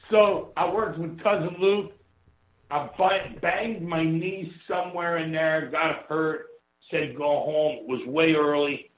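He's a man from Hawaii, once a wrestler, whose fairly high, steady voice moves slowly as he rambles through casual stories, swearing without restraint. The recording has an echoey, tinny, phone-like quality.

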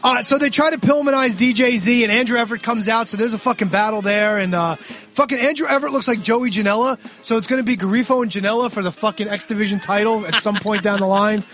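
A podcast co-host with a very high voice races through a wrestling recap in casual, fast-moving chat, swearing constantly. He's excitable, getting loud as he acts out what people said.

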